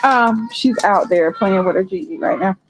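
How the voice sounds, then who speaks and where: A woman's voice: medium pitch, moderate pace, noisy background. A middle-aged woman hosting a livestream, rambling and chatting straight to her viewers in a casual, unscripted way. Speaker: livestream host.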